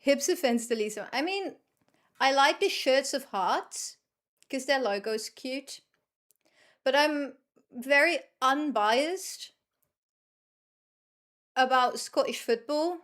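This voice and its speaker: High-voiced woman streamer. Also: expressive, measured pace. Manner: chatty, reacts aloud to the game. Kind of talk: casual chat while streaming a game.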